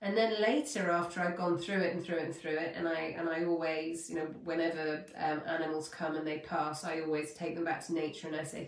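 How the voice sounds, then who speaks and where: Woman host, fairly low voice, heartfelt and rambling, echoey room with the mic set back. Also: moderate pace, recorded from a distance. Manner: heartfelt, rambling, self-correcting. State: near tears. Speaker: podcast host. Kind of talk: spiritual coaching talk.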